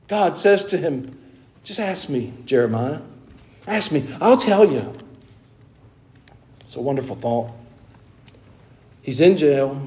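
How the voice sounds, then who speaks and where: A Southern US pastor with a somewhat high-pitched voice preaches a sermon to his church. He reads scripture in a slow, measured cadence, then shifts to plainspoken teaching with folksy humor. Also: a little mellow. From American South. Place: church before a congregation.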